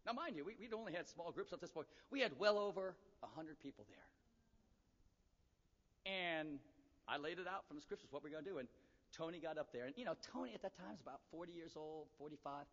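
A man's voice: a little high, expressive, fairly quick, a bit bright. A man preaching a sermon, telling a story and acting out the dialogue of the people in it. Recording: echoey hall, dull lo-fi sound.

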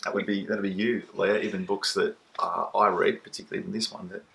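Man, very low voice, gravelly, mock newsreader delivery, hesitant, veranda. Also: little pitch movement, a bit bright, poor audio. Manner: measured, hesitant. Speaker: guest, host's husband. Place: outdoor veranda.

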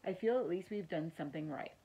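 A woman's voice: on the low side, fast talker, gravelly, mellow, slightly rough, poor audio. A woman voicing a fretful mother mouse. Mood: worried. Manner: anxious, tender. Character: worried fond mother mouse.

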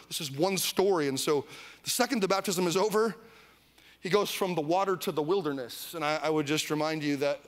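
A male pastor from Iowa preaches a sermon at a church service in an animated, high voice. He slips into mock whiny voices and calls on the crowd to repeat after him.

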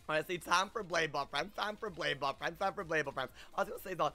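A young man streaming a game live, chaotic and high-energy, often squealing and laughing as he chats with viewers. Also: fast, few pauses, sharp tone, soft background music. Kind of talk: livestream gaming chat.

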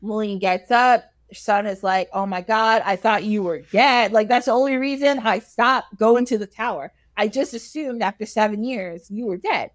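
A woman's voice: mid-range voice, moderate pace, few pauses, dry recording. A woman casually retelling a fairy tale with slangy comic asides, laughing often. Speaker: storyteller guest.

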